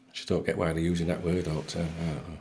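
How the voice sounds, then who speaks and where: A man's voice: deep voice, flat delivery, rapid-fire, darkish tone, slight background noise. A man talking casually to camera as a football fan vlogger, blunt and exasperated, swearing freely. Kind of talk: casual solo talk to camera.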